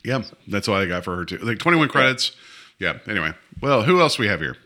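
Man, podcast co-host, lively bright voice, rambling casual chat. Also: lowish voice, a little fast. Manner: animated, rambling with many restarts. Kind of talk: casual chat about films.

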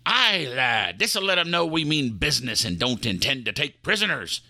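A swaggering sea-dog captain bellows in old-time pirate talk, as a man puts him on. His voice is bright and forceful and leaps wildly in pitch. It sits close and dry on the mic, with no room sound at all. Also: big pitch swings, moderate pace, vocal fry, no room sound, heavily acted. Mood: bellowing. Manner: loud and blustering. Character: boisterous male pirate captain driving a rideshare.

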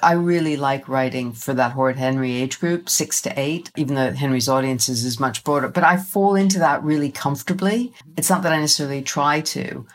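A middle-aged woman with a low voice speaks as a guest author. She talks in a thoughtful, reflective way, pausing with fillers. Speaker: children's author, interview guest. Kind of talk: casual interview chat.

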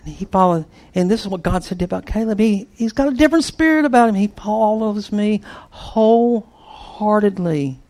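A man with a notably high voice preaches, telling a story with lively swings in force. He leaps to loud bursts, then drops into hushed, near-whispered lines. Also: fast, few pauses. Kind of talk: storytelling sermon.

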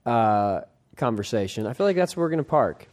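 A man in easy podcast banter, mid-pitched and unhurried in tone. He rambles, jokes and trails off with fillers before landing his point. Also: very animated, a little mellow. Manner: joking, rambling with many fillers. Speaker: podcast co-host.

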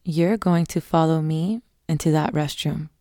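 A woman voicing a menacing man with a raspy voice who makes threats. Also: low-pitched, a little slow, warm tone, dry recording, studio quality. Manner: menacing, demanding.

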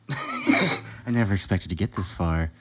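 A man's voice: sits low, huge pitch swings, slow, a bit bright, slightly rough. A man from Ohio co-hosting a comedy podcast, joking around and laughing often in casual banter. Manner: giggly, playful, riffing on bits. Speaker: podcast co-host.

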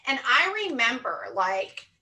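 A woman's voice: sits high, sing-song, slow pace, pushed and bright, distant mic, low-quality recording. A woman guest on an interview podcast, speaking earnestly and thinking aloud, often checking in with "right?". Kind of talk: reflective conversational interview talk.

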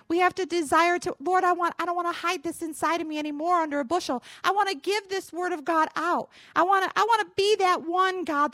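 A woman's voice: sits high, a bit bright, no room sound, clean studio sound. A woman pastor preaching a sermon, moving between prayer and storytelling, earnest and encouraging, often calling on "Father" and "Lord".

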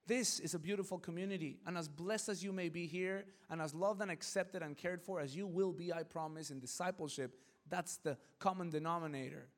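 A middle-aged male pastor preaching a sermon in a conversational way, often checking that listeners follow and swinging from quiet talk to shouts. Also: fairly high pitch, a little fast.

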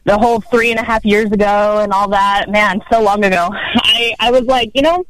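A woman's voice: mid-range voice, fairly even intonation, moderate pace, a bit bright, dry recording, low-quality recording. A woman calling in to a podcast, friendly and giggly in casual chat. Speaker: caller.

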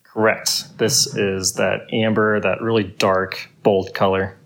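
Laid-back man with a lowish voice, casual podcast guest. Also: flat delivery, slow pace, fairly bright tone, a little hiss or hum. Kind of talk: casual beer review chat.

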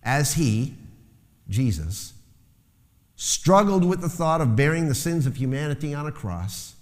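A man's voice: fairly high pitch, expressive, measured pace. A man preaching a sermon as pastor, lifting his voice to stress key phrases. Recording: long hall reverb.

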